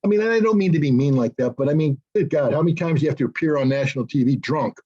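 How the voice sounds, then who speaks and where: A man's voice: a little high, quick pace, a little mellow, slightly rough, dull audio. An older man giving blunt, sarcastic political commentary as an interview guest over a video call, with many ums and restarts.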